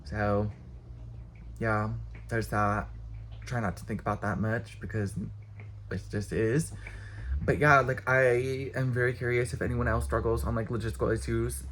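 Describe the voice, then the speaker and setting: A man's voice: medium pitch, fairly even intonation, a bit bright, slight background noise. A young man ranting casually to camera, exasperated, blunt and profane. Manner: exasperated, blunt, profane, talks with quick bursts. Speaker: vlogger.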